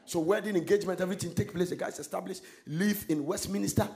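A man preaching a sermon, swinging between quiet asides and loud, sung-out lines. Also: sits high, steady tone, fast talker, creaky. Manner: emphatic preaching with sudden shouted, sung-out phrases and laughter. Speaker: pastor.

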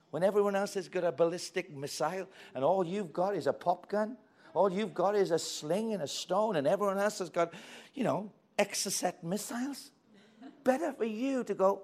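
A man's voice: high-pitched, moderate pace. A man preaching a sermon, telling a story with great animation and acting out its characters' voices. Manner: animated storytelling, acting out voices with big swings from quiet to loud.

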